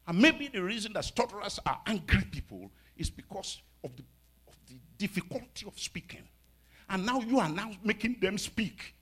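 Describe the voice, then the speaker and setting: A man in his fifties preaching a sermon as pastor, animated, with sudden shouts and soft asides. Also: sits high, fairly quick, breathy edge. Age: 50s.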